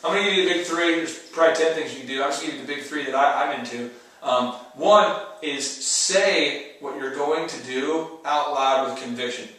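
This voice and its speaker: A man's voice: fairly high pitch, moderate pace, pushed and bright. A man giving motivational business advice on a talk show, emphatic, acting out mock dialogue in different voices. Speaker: entrepreneur co-host giving advice. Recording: echoey room, distant mic.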